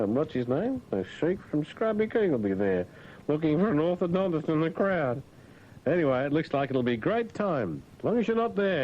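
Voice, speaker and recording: On breakfast radio, a man reads the news and ridicules it with jokey asides and mumbled fillers. The broadcast is dull and lo-fi, with a faint rumble.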